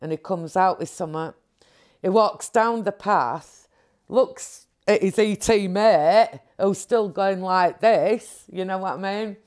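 A woman telling a candid personal story in an interview, animated and acting out movements as she talks. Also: medium pitch, takes it slowly. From England.

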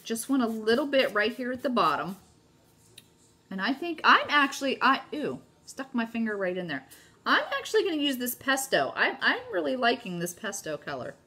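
A middle-aged woman leads a casual live craft demo from her home, gushing over her work. She talks straight to her viewers in a chatty, excited way. Her voice sits a bit high. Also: normal speed, breathy edge. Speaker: craft video host.

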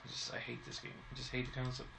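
A man with a gravelly, fry-laden voice commenting on his own gameplay, exasperated and swearing at almost every turn. He mutters to himself in casual, profane asides. Noisy game audio hums behind him. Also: medium pitch, monotone, fast talker. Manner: frustrated, swears constantly, talks to himself. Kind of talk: casual let's-play commentary.

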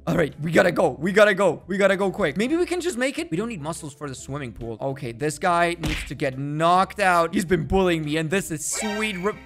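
A young man giving excited, jokey gameplay commentary as a gaming video host, sometimes shouting at rival players. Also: a little high, fairly quick, few pauses, faint music behind. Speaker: gaming YouTuber.

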